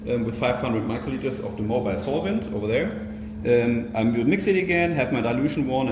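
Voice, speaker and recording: A man giving a live laboratory demonstration, explaining each step in a halting way with many fillers and restarts. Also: mid-range voice. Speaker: product demonstrator. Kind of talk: live lab demonstration over a video call. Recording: roomy sound with faint noise.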